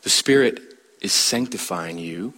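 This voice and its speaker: A man's voice: expressive, unhurried, pushed and bright. A man preaching a sermon, stressing his points emphatically and asking the listeners direct questions. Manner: emphatic, rising to a high pitch to stress points.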